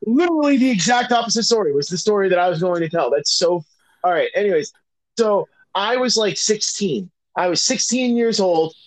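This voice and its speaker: A man's voice: sits high, lively intonation, brisk, rough recording. A young man from Massachusetts, telling a story in casual chat, rambling and swearing freely, with many fillers and restarts.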